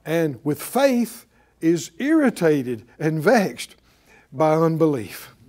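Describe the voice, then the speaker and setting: Mellow-voiced, emphatic male preacher. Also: fairly high pitch, big pitch swings, slow pace. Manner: emphatic, pleading, repeats phrases for weight. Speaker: pastor. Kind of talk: sermon.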